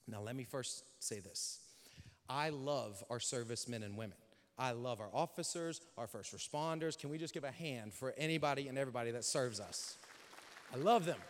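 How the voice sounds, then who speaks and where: A male pastor telling a story in a sermon, animated, dropping to a hush and then rising loud. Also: on the high side. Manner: animated, swings between hushed and loud. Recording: long hall reverb.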